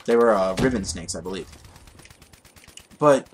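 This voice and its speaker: A man's voice: fairly low pitch, unhurried, a little hiss or hum. A young man casually telling a rambling, profane story while commenting on his gameplay. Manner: rambling, profane, easily distracted by the game.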